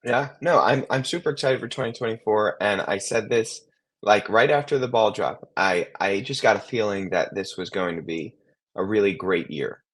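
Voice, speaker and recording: A man's voice: fairly low pitch, moderate pace, fairly bright tone. A man in his twenties, co-hosting a podcast in casual chat, rambling with many restarts and fillers. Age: 20s. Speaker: co-host.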